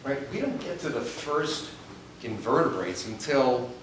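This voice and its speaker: A man's voice: medium pitch, big pitch swings, a little slow. Man speaking in an echoey chapel. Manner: conversational, checks in with frequent "all right?" and "okay?". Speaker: speaker addressing students. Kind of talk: chapel talk to a class. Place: school chapel. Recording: echoey hall, distant mic, background noise.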